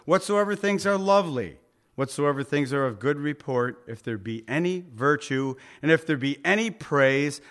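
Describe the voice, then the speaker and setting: Male pastor, mid-high voice, conversational sermon with rhetorical questions. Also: fairly bright tone.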